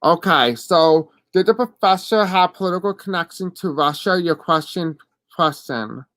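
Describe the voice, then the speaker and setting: Live-stream reader, deaf accent, halting and apologetic, smooth clear tone, dry close sound. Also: mid-range voice, expressive, fairly bright tone, no echo. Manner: halting and apologetic, many fillers. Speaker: host giving live spiritual readings. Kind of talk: live-stream reading, answering chat questions.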